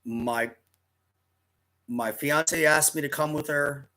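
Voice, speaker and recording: Man, fifties, bright tense voice, unhurried rambling storytelling. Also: on the high side, fairly even intonation. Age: 50s. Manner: rambling, with frequent restarts and self-corrections. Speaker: vlogger telling a personal story. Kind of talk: casual first-person storytelling to camera.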